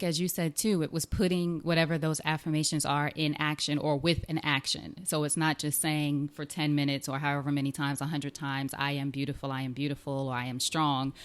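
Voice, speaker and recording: A woman hosting an interview, asking questions and reflecting back what her guest says in an affirming way. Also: low voice. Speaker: interview host. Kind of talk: interview conversation.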